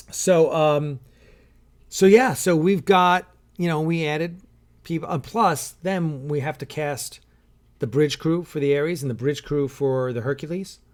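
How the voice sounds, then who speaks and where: A middle-aged man hosts a casual live stream, chatting loosely and reading out viewer comments. He rambles, piling up fillers and false starts, and pauses now and then to sip his coffee. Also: mid-range voice, a little mellow. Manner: rambling, with many fillers and restarts. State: sipping coffee while talking. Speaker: show host and producer.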